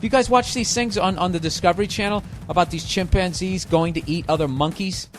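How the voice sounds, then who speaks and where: A man's voice: sits high, fairly quick, faint music behind. A male comedian on a podcast, delivering a heavily profane, sarcastic rant in a hot indoor room.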